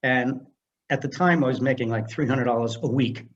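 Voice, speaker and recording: Older man spinning animated stories. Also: mid-range voice, moderate pace, lo-fi sound, a little hiss or hum. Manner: animated storyteller who acts out dialogue. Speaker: guest, film director and screenwriter. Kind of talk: casual storytelling interview.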